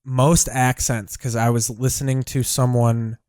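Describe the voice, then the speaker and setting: A man's voice: mid-range voice, little pitch movement, a little slow, no room sound, studio quality. Casual, joking man co-hosting. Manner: joking, puts on loud voices mid-story. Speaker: podcast co-host. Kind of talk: casual chat.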